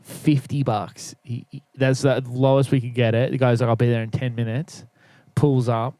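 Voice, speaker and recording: A man's voice: medium pitch, little pitch movement, normal speed, mellow, dry recording. Rambling man telling a story. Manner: rambling storyteller, swears freely, acts out quotes. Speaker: podcast co-host. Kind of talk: casual chat.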